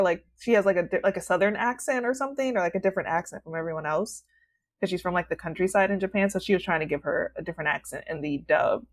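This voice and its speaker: A woman hosting a podcast in casual chat, animated and laughing often. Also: on the low side. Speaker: podcast host.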